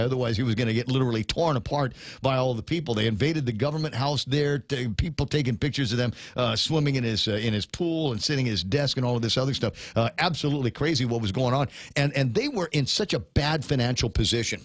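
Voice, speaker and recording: A man's voice: mid-range voice, quick pace, few pauses, no echo. A man hosting a morning radio talk show from the studio, rambling casually with fillers, restarts and chuckles. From Guam. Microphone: studio mic.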